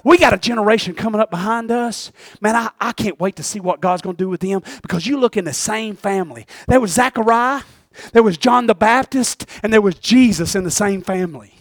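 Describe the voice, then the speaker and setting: Fervent male preacher, high and gravelly, with dry close sound. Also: brisk, hardly any pauses, no room sound. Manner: fervent, with sudden shouted bursts. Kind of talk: sermon.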